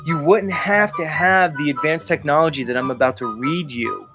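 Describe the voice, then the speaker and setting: A man's voice: a little high, normal speed. A male host ranting on his commentary show in an agitated, profane and rambling way. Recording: talk show with music playing underneath. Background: music.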